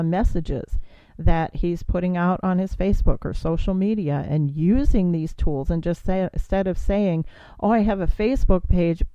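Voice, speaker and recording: A woman with a fairly low voice gives a motivational podcast talk in an earnest, coaching way. She keeps asking the listener questions and urging them on. The recording is dry and a little dull. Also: dry recording. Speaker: podcast host. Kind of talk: motivational monologue.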